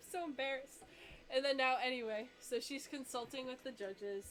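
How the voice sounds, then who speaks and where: Young woman, casual reaction commentary, rambling, giggly, higher voice, light background music. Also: fairly even intonation, normal speed, a bit bright. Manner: chatty, giggly, rambling with many fillers. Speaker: vlogger reacting to her own dog competition video.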